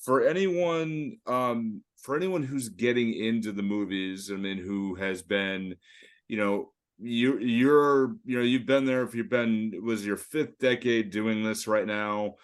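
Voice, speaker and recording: A man's voice: fairly low pitch, steady tone, measured pace, clear, resonant tone. A man from Massachusetts, hosting a casual interview and affirming often. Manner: eager, frequent short affirmations. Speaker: podcast host.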